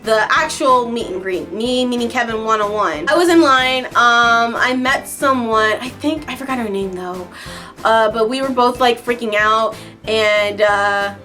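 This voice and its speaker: A young woman vlogger telling a story to camera in a casual, excitable way, breaking into high squeals as she retells it. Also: measured pace, soft background music.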